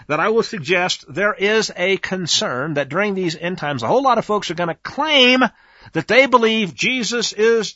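Lively, bright-voiced man teaching scripture. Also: sits high, no echo. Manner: animated, emphatic, talks to listeners directly. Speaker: Bible teacher. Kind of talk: conversational Bible teaching. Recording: dull lo-fi dry recording.

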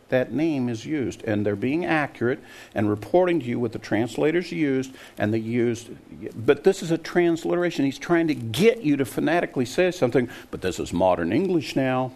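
A man's voice: mid-range voice, vocal fry, darkish tone. An older man preaching a sermon, emphatic and scoffing, often putting questions to his listeners. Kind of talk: sermon to a congregation.

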